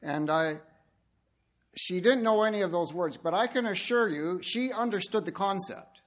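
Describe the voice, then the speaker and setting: A man's voice: high voice, normal speed. A man preaching a sermon, telling stories and speaking directly to his listeners. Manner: animated storytelling, addresses listeners directly.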